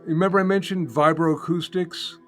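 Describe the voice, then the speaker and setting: An older man teaching as a guest in an interview, calmly explaining and demonstrating a humming practice step by step. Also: on the high side, moderate pace, faint music behind. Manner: calm, patient, repeats steps and demonstrates by humming. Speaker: sound healing teacher, guest. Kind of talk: guided instruction in an interview.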